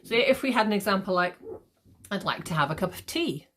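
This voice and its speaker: A woman teacher talking to her students in a recorded lesson, checking in with "okay?" and slowing right down to exaggerate the stressed syllables. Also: medium pitch, lively intonation, fairly bright tone. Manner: slow, exaggerated stress when demonstrating rhythm.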